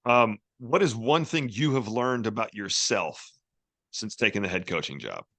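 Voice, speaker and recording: A man's voice: on the low side, lively intonation, normal speed, pushed and bright, no echo. A man hosting a podcast, asking short, playful questions in a casual tone. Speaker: podcast host.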